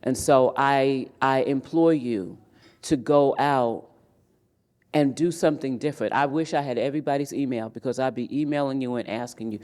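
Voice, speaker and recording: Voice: medium pitch, moderate pace, a little mellow. A man moderating a live leadership summit, speaking emphatically and often repeating words as he restarts. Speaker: panel moderator and emcee. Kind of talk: live event speech. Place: event hall.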